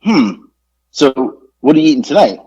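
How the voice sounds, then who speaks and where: A man's voice: mid-range voice, sing-song, moderate pace, warm tone, slightly rough, highs cut off. A man co-hosting a casual podcast chat, telling a rambling story and easily set off laughing. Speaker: podcast co-host.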